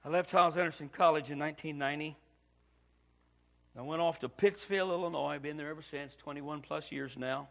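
A middle-aged male pastor, telling his story in a sermon, dropping to hushed tones and then bursting out loud. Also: a little high, fairly even intonation, fairly quick, vocal fry. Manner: preaching with sudden loud outbursts and hushed storytelling. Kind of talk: sermon testimony.

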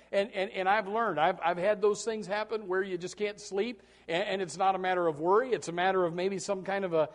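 Stammering, animated preacher man. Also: high voice. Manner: animated preaching with repeated stammers and sudden soft drops. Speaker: pastor. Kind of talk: sermon.

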